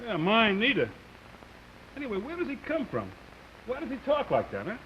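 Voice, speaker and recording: Sheepish slangy workman, lively pitch, dull lo-fi TV sound. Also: normal speed. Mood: grumbling. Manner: slangy, stammering when cornered. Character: easily led construction worker, sheepish. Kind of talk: 1950s live television drama. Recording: dull lo-fi 1950s TV audio with faint hiss.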